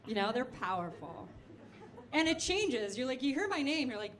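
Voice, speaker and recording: Stand-up comic, woman, high and lively voice, quick crowd asides, noisy live club tape. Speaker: stand-up comedian. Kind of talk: stand-up comedy set. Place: comedy club stage. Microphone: handheld stage mic.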